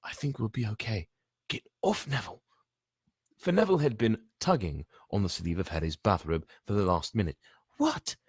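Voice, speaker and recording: Man, storybook reader, low voice, lively expressive delivery. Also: no echo, studio quality. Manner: animated, chatty asides. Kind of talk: reading a novel aloud.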